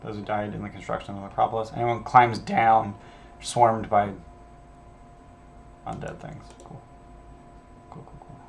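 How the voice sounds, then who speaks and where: Man, game master, fairly low pitch, gravelly fry, casual thinking aloud, reads module text. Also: flat delivery, a little slow, long pauses, slight background noise. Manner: thinking aloud, offhand, sprinkled with casual swearing. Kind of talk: casual solo prep stream, reading module text aloud.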